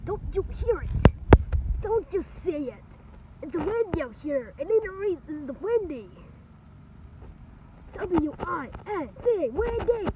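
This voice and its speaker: A woman's voice: very high-pitched, sing-song, slow, long pauses, noisy background, heavily acted. A woman doing Mario, bossy and insistent. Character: bossy impatient male plumber hero Mario.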